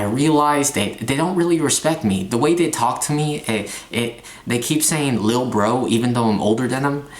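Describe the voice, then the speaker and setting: A young man in a confessional vlog rant, talking in halting bursts with stumbling restarts and frequent swearing. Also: mid-range voice, a bit bright, echoey room. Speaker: vlogger. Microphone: phone.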